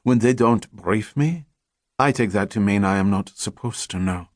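A man voicing a cool, businesslike French woman spy with a thick French accent, speaking crisply and with finality. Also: on the low side, normal speed, dry recording, clean studio sound, natural voice. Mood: cool, curt. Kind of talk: audiobook character voice.

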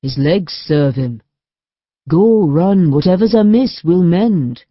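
Brief: woman narrator reading a calm older monk, slow and steady, dry dull studio sound. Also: fairly low pitch, no room sound. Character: shrewd older male monk, calm and canny.

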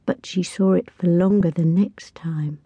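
A woman reading a young schoolboy who tells a spooky tale in a hushed, drawn-out way, for an audiobook. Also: lowish voice, fairly even intonation, breathy edge, dry recording, exaggerated voice. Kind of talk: audiobook character voice.

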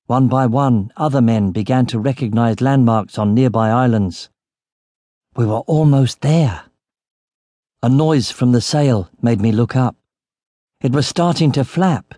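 Brief: man, mid-pitched, steady audiobook narration, close dry mic. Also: no echo. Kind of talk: scripted narration.

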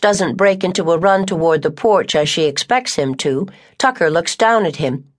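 A woman with a somewhat low voice reads a novel aloud. Her narration is even and measured, a steady storyteller's delivery. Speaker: audiobook narrator. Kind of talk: scripted narration.

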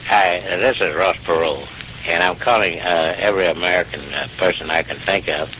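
Guy doing a low-voiced texan billionaire rambling on an answering machine, lots of uh's, dull lo-fi tape. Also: fairly quick, noisy background, lightly acted. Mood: pompous. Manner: rambling, full of uh's and restarts. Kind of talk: crank call on an answering machine.

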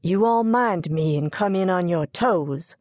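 A woman voicing a feisty, proud old cook who scolds and hushes children in a folksy way, in a storybook reading. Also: fairly low pitch, unhurried, dry recording, studio quality. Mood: bossy.

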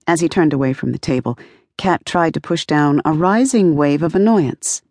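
A woman narrating an audiobook in a measured, even storytelling manner on a close studio mic. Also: sits low, no room sound. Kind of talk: scripted narration.

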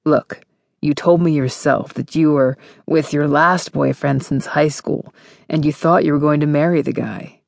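A smug young college guy who talks down and pushes his luck, as a woman narrator puts him on. His voice sits a touch lower and rounder than her own, in an audiobook read. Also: unhurried, gravelly, darkish tone, no echo, clean studio sound. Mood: smug, pushy. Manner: condescending, pushy.

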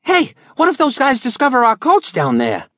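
An eager, excitable teenage boy sidekick gushes in a high, boyish voice, as a male narrator puts him on. His speech jumps with lively pitch. The audiobook recording is close and dry. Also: normal speed, no echo, exaggerated voice. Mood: excited.

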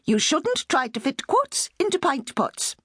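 A woman's voice: high voice, big pitch swings, measured pace, no room sound, clean studio sound, voice pushed up. Woman doing a prim, scolding inner headmistress. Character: stern headmistressy inner voice of conscience, female.

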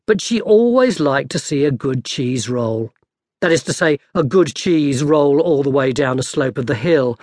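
A man narrating an audiobook in a lively, dry storytelling manner. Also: a little high, dry recording. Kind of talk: scripted narration.

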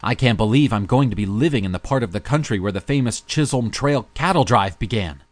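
A male audiobook narrator voicing an earnest young male apprentice veterinarian, a little higher than his narration. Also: lively intonation, a little fast, no room sound, natural voice.

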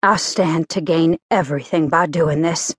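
A woman narrator voicing a stern, guarded man in an audiobook, speaking curtly and lowering her voice for him. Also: fairly even intonation, normal speed, a bit bright, breathy edge, dry recording, studio quality. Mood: cold. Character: stern, cold-edged man, forceful and guarded.

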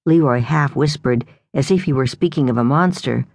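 A woman narrating a novel in a measured, even storytelling manner, close to the microphone. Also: a bass voice, gravelly, dry recording. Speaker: audiobook narrator. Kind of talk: scripted narration.

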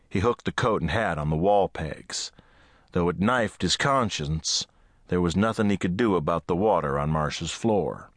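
Deep-voiced man narrating a story. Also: no echo, studio quality. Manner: steady, measured storytelling that voices each character's lines. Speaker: audiobook narrator. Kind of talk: scripted narration. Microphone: close studio mic.

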